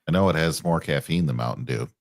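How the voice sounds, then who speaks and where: Casting: male co-host, very deep voice, dry close sound, blunt and brief. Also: quick pace, vocal fry, dry recording. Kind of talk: casual chat.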